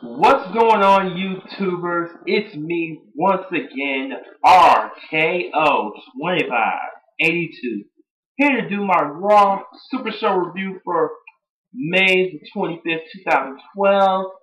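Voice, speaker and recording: A young man giving a rambling, excitable recap of a wrestling show, laughing and mimicking what people said. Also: sits high, slow. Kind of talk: casual recap monologue. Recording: echoey room.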